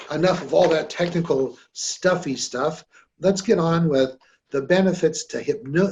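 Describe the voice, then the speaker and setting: A man's voice: fairly high pitch, highs cut off. A man hosting a podcast about hypnosis, talking in a friendly, rambling way with many fillers. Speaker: podcast host and hypnosis trainer. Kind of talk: casual podcast chat.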